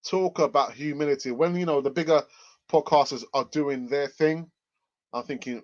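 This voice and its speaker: A man's voice: medium pitch, moderate pace, a little mellow. A man from England hosts a casual fan channel chat, rambling and repeating himself with many fillers and a cough. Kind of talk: casual live chat reading comments. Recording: muffled lo-fi audio.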